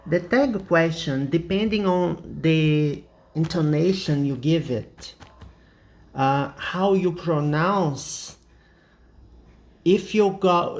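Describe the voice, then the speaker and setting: A man with a Brazilian accent, a native Portuguese speaker, explaining an English grammar lesson as a teacher in a deliberate way, checking in often with "okay?". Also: fairly high pitch.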